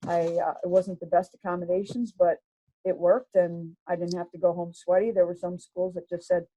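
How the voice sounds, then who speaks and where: A woman's voice: fairly low pitch, flat delivery, normal speed, warm tone. A middle-aged woman, a sports official telling stories from her career in a chatty way, with many fillers and restarts. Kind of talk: casual storytelling. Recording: dull lo-fi sound.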